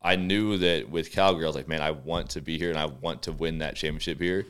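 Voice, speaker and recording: Very deep-voiced man, relaxed interview chat. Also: fast, clear, resonant tone. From Texas. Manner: relaxed, rambling, lots of fillers. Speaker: football quarterback guest. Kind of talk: casual radio interview chat. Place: radio studio.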